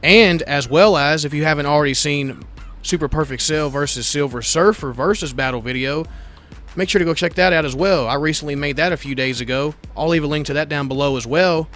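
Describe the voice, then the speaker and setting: A man's voice: on the high side, a little fast, fairly bright tone, faint music behind. A man hosting a casual Q&A video, answering viewers' questions in an enthusiastic, slangy way and repeating set phrases. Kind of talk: casual Q&A vlog.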